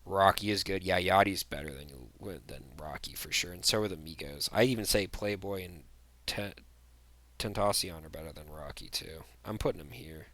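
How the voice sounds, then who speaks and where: A man's voice: deep voice, normal speed, sharp tone, no room sound. A young man giving blunt, rambling tier-list commentary, full of fillers and restarts. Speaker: vlogger.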